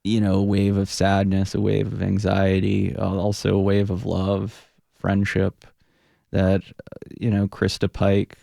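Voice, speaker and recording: Earnest and searching, a Buddhist teacher and punk frontman keeps restarting and trailing off during a reflective radio studio interview. His low voice is monotone, a little slow and creaky, with a warm tone and no room sound.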